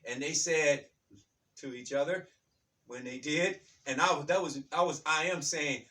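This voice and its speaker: A man's voice: fairly high pitch, unhurried, pushed and bright, distant mic. A man hosting his own channel, delivering an emphatic, repetitive spiritual monologue that often addresses listeners as "baby". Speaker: channel host.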